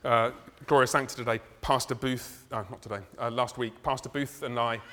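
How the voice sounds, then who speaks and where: A man preaching a sermon in a church, conversational and animated, with laughs and asides. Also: mid-range voice. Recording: reverberant hall.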